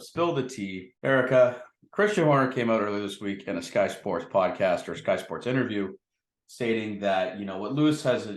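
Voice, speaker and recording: A man with a fairly low voice hosts a casual podcast, talking loosely with lots of ums and likes. His voice rings a little in an echoey room. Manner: chatty, filler-heavy. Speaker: podcast host.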